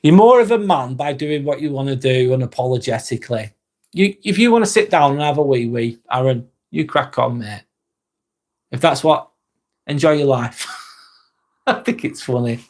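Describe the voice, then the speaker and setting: A man's voice: mid-range voice, expressive, normal speed, a little mellow. An English man hosting a casual live chat, reading out viewer comments and answering them in a blunt, jokey way, swearing freely and chuckling often. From England. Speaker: live stream host.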